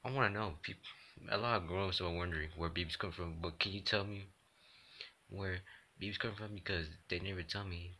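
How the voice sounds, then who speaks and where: A man voicing a curious young child who pleads quietly and rushes his words in a comedy sketch. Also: sits low.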